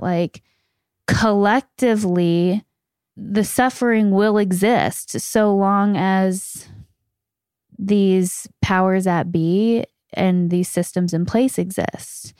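A woman's voice: mid-range voice, takes it slowly, a little mellow, smooth, dry recording, clean studio sound. A woman podcast host talking through her thoughts hesitantly, with many fillers. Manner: hesitant, lots of likes. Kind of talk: conversational interview.

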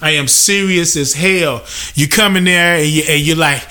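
A man's voice: fairly high pitch, measured pace, pushed and bright, smooth. A young man hosting a podcast, venting in a profane, emphatic comedic rant and mimicking customers. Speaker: podcast host.

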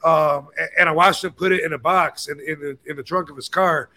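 Brisk and fairly high-pitched, a fifty-something man hosting a podcast spins a meandering story in casual conversation. He's lively, voicing the people in it and reproducing their swearing.

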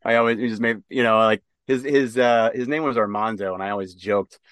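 Dry-voiced man telling a halting story. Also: lowish voice, fairly even intonation, a bit bright, clear, resonant tone, dry recording. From Nebraska. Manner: halting, many fillers and restarts. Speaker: interview guest, military veteran. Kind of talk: casual spoken storytelling.

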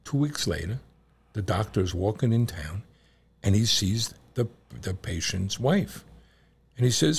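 A middle-aged father co-hosting a casual show, an animated storyteller who laughs often. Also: fairly low pitch, normal speed, vocal fry, breathy edge. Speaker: podcast co-host and father. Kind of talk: casual chat and joke telling.

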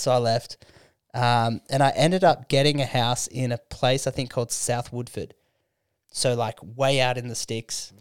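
A man's voice: mid-range voice, steady tone, moderate pace, clear, resonant tone. A man in his thirties hosting a podcast, telling stories in a casual, profane, laid-back way. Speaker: podcast host. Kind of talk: casual chat.

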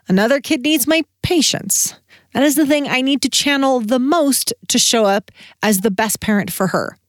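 A woman's voice: high voice, normal speed, no room sound, studio quality. A woman in her thirties hosting a solo podcast, talking in a candid, encouraging, conversational way. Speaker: podcast host.

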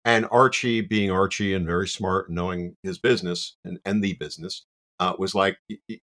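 A man with a deep, low voice tells a story in a casual, animated way. He pokes fun at himself and fills his sentences with "you know." He comes across as a chatty guest. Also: moderate pace. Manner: animated, self-deprecating, many "you know" asides.

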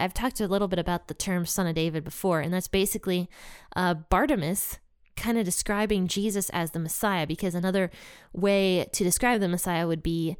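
A woman talks through a Bible story in a relaxed, chatty way, often breaking off into asides. Her voice is smooth and clear at a middle pitch. The sound is dry and close, with no room echo. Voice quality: conversational, chatty, with many asides. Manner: retells the story in her own words, acting out voices. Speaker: Bible teacher. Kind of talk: casual Bible lesson.

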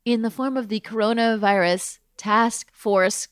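A woman hosting a comedy podcast in casual chat, animated and self-mocking, tripping over her own words. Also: medium pitch, normal speed, hardly any pauses, smooth, no echo, studio quality. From United States. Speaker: podcast host. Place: New York.

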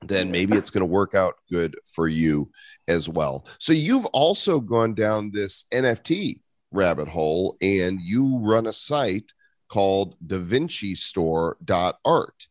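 A man's voice: low-pitched, very animated, takes it slowly, dry recording, clean studio sound. A man hosting a podcast, questioning his guest in a teasing, playful way. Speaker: podcast host. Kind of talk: casual podcast chat.

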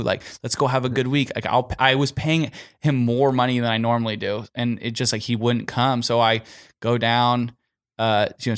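A man's voice: mid-range voice, a bit bright. A young man, a pro golfer and podcast guest, telling a story in a casual, rambling way, packed with "like" and "you know".

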